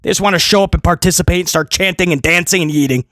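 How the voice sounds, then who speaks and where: A man reviewing a wrestling show in casual commentary, animated and full of mocking asides and quick impressions. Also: sits high, dry recording.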